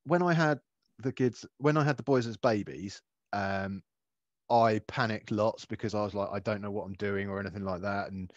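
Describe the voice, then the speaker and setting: A man's voice: lowish voice, normal speed, no room sound, dull audio. A man co-hosting a casual chat, rambling and self-deprecating as he talks about parenting. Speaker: podcast co-host.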